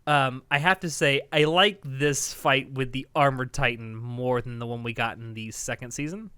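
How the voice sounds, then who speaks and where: A man co-hosting a podcast in relaxed, casual chat, chuckling and swearing casually. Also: medium pitch, moderate pace, clear, resonant tone, no room sound. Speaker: podcast co-host.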